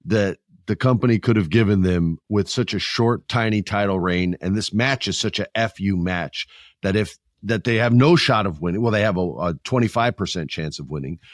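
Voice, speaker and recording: A man with a fairly low voice hosts a casual wrestling chat, joking and animated. His sound is dry and close, with no room around it. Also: no echo. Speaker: podcast host.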